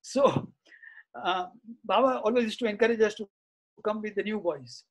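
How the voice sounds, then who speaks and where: A middle-aged interview guest whose voice sits high recounts anecdotes at a moderate pace on a low-quality recording. His storytelling is conversational and reminiscent, laced with "you see" and "uh".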